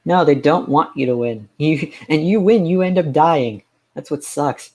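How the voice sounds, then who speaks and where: A man with a slightly higher-than-usual voice chats on his live stream to whoever drops in. He rants in a sarcastic, rambling way, stopping and restarting his thoughts as he goes. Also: measured pace, darkish tone. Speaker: game streamer. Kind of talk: casual live-stream chat.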